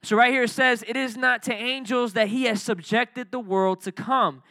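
A man's voice: very high-pitched, normal speed, no room sound, studio quality. A young man, a youth director, preaching a casual, joking youth sermon and drawing the crowd into call and response. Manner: energetic, joking, talks with the crowd.

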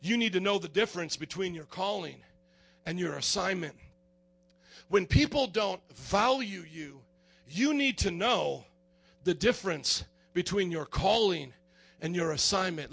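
High gravelly preaching American man. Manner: animated preaching, acts out fans in high excited voices. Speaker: pastor. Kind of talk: sermon.

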